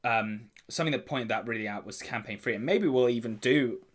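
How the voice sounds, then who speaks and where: Guy on a tabletop podcast, animated, does little voices for his players. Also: medium pitch, a little fast. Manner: animated, acts out players' reactions in quotes. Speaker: podcast co-host and game master. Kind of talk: casual podcast chat.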